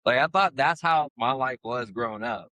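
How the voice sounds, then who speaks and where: A man's voice: mid-range voice, moderate pace, bright, forceful tone, no room sound. A middle-aged man co-hosting a podcast, telling stories in rambling casual chat full of fillers. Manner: rambling storyteller, many fillers. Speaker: podcast co-host.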